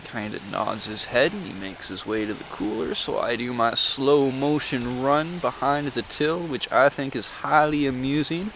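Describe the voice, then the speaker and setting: Man, vlogger, dry absurd humor, bright voice, faint background noise. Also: medium pitch, normal speed, hardly any pauses, poor audio. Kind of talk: deadpan comic storytelling.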